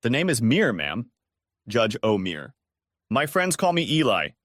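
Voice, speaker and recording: A man's voice: medium pitch, wildly swooping pitch, a little slow, a bit bright, no echo, clean studio sound, full character voice. A man voicing a genial old-west cowboy ghost judge with a folksy, courteous Texas drawl.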